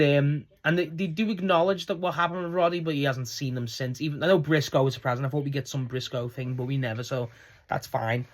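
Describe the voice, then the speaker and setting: A man giving a casual, rambling solo review of a wrestling show, swearing and laughing as he goes. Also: a little high.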